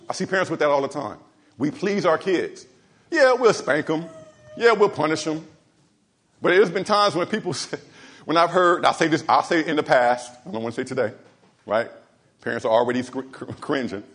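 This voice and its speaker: Male pastor, fairly high voice, animated sermon delivery with quiet asides and raised exhortation. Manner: repeats words when building a point.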